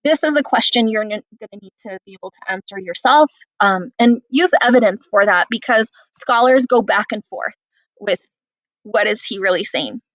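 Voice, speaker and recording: A woman's voice: mid-range voice, moderate pace, fairly bright tone, no room sound. Casual woman teacher explaining a play. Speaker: English teacher. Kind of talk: guided reading lesson.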